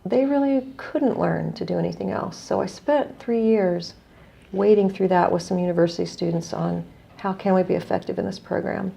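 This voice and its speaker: A middle-aged American woman, a non-profit executive director appearing as a guest, earnestly tells a story in conversation and quotes others along the way. Her voice is mid-range, husky, creaky and dark in tone, at a normal speed.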